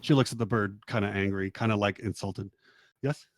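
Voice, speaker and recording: A man narrating a tabletop game as game master, relaxed and rambling, with plenty of fillers. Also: fairly low pitch, a little fast, no echo.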